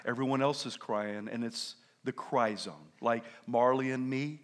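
A man in his fifties preaching a lively sermon as a pastor, telling stories and often shouting with laughter. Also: medium pitch, measured pace. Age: 50s. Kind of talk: energetic sermon.

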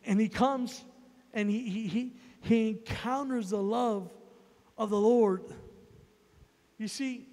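High-voiced preacher man in a reverberant hall. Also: takes it slowly, pauses often. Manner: emphatic, repetitive, builds to loud peaks. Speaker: evangelist preacher. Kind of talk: sermon storytelling.

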